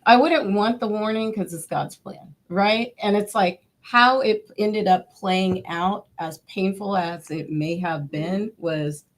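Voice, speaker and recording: A woman's voice: mid-range voice, slow pace, few pauses. A woman who is a podcast guest, chatting casually, earnest and thinking aloud as she talks. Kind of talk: casual chat.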